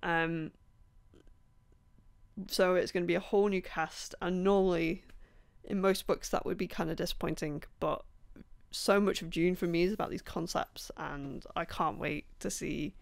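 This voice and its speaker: A woman vlogging about books in a casual, rambling, enthusiastic way, with many ums and a voice going hoarse. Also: fairly low pitch, fairly even intonation, normal speed. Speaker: book vlogger. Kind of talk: casual book review chat.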